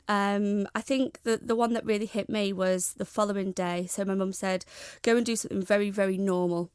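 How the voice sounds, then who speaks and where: A young woman talks openly and reflectively as an interview guest. Her voice is smooth and clear, recorded close and dry on a studio microphone. She speaks frankly and steadily, pausing with small fillers. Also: medium pitch, fairly even intonation, no room sound. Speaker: guest, charity founder. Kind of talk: candid interview talk.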